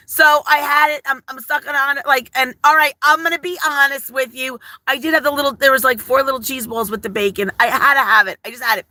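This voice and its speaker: An older woman hosts a live stream from her phone, chatty and effusive, rambling from one story to the next. Her voice sits high and bright, recorded close and dry with no room sound. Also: fairly even intonation, a little fast, dry recording, rough recording. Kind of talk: casual live-stream chat.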